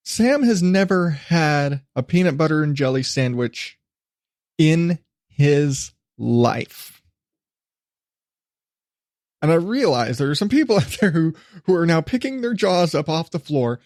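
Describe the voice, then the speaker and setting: A man's voice: fairly high pitch, darkish tone, no room sound, clean studio sound. A man in his thirties hosting a solo podcast, rambling in a hyper, laughing way with lots of restarts. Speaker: podcast host.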